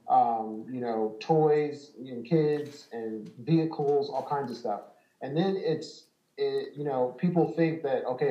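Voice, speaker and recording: A man's voice: medium pitch, echoey room, lo-fi sound. A man hosting a casual home repair talk, explaining with many ums and small laughs. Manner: relaxed, filler-heavy explaining. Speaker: home repair business host. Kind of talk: casual chat.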